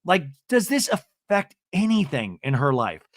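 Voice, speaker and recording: A man's voice: high voice, a little slow, dry recording, clean studio sound. A man hosting a podcast, recapping reality TV in a chatty, gossipy way and acting out quoted lines. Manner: chatty, gossipy, acts out quotes in lively voices. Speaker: podcast host. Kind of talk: casual recap chat.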